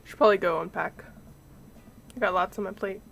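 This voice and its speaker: Young woman streaming a game, giggly and chatty, medium pitch. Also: steady tone, fairly quick, creaky, a bit bright. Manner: giggly, playful asides. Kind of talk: casual gameplay commentary.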